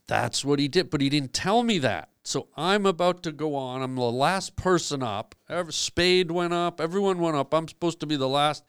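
Brief: middle-aged comic, slightly high voice, smooth and clear, dry close sound, animated storyteller. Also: male voice, normal speed, hardly any pauses, no room sound. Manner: animated storyteller, does impressions of others in anecdotes. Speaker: stand-up comedian, podcast co-host. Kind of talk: casual chat, storytelling.

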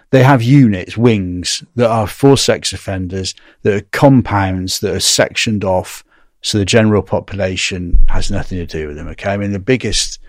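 A man's voice: low-pitched, no room sound, clean studio sound. A man from England, recounting his time in a US prison in a rambling, anecdotal way, often tagging "right?". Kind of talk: casual storytelling interview.

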